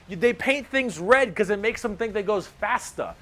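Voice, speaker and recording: A man excitedly explaining a fantasy war game's creatures, swearing freely and slipping into quick mimicry of characters. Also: high-pitched. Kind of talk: animated casual explanation.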